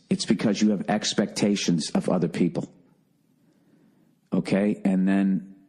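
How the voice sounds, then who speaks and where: Alone at home, a middle-aged American man hosts his podcast, launching into an exasperated, profane comedic rant. His voice is fairly low and darkish in tone.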